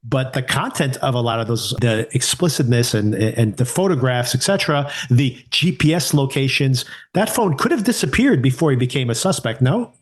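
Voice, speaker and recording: Man, podcast co-host, casual review chat, mid-pitched voice, thinks aloud. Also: lively intonation, moderate pace, few pauses. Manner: conversational, thinking aloud with restarts and rhetorical questions.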